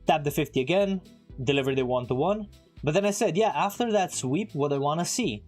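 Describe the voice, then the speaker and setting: A man's voice: a little high, expressive, a little mellow, soft background music. Chatty man streaming his trades live. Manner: chatty, talks to viewers directly, quick asides. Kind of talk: casual live-stream commentary.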